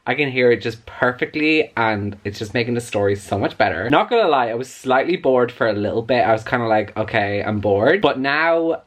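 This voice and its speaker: A young man chatting excitedly in a casual book vlog, with plenty of "like" fillers. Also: medium pitch, a little fast, few pauses. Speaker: book vlogger. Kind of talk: casual chat.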